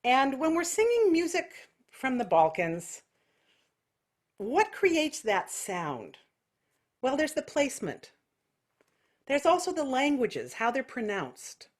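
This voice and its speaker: An American woman teaching an online singing lesson, explaining technique and breaking into loud nasal vocal exercises. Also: sits high, huge pitch swings, takes it slowly, pauses often. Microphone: video call.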